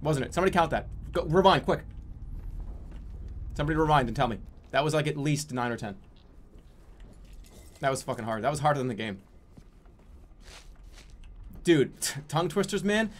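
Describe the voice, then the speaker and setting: A man streaming a game with casual commentary, breaking into loud outbursts, laughter and swearing. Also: on the high side, expressive, normal speed, pauses often, slight background noise.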